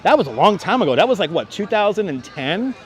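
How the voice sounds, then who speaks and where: A man's voice: sits high, fast talker. Chatty Brooklyn man on a street livestream. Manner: chatty, animated, often thanking viewers by name. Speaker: livestream host. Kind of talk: walking tour livestream, chatting with viewers. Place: city streets outdoors. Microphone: wireless clip-on mic. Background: faint city traffic.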